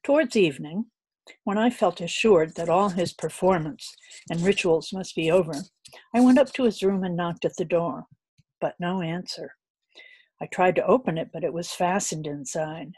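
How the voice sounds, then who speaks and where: A woman's voice: on the low side, moderate pace, darkish tone, husky, dry recording. A woman narrating a classic novel as an audiobook reader, earnest and a little unpolished, with occasional slips.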